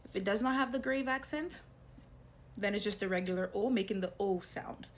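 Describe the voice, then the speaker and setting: A woman gives a language lesson at a middling pitch. She talks patiently and breaks words into slow, careful sounds so the listener can follow. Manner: patient, repeats sounds slowly and clearly for the listener. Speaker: language teacher.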